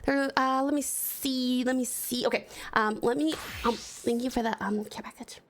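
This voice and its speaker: A woman's voice: sits high, fairly even intonation, normal speed, a little hiss or hum. A woman from Australia streaming from home, chatting casually and gushing thanks to viewers with pet names. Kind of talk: casual live-stream chat. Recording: music playing behind.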